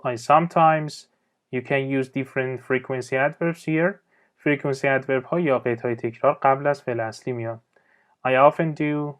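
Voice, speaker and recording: A man with a Persian accent gives an English lesson in a mid-pitched voice. He reads example questions slowly and breaks often with fillers and restarts. His Persian explanations run fast. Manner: hesitant, frequent uh fillers and restarts; switches between slow English and quick Persian explanations. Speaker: English teacher. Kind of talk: recorded language lesson.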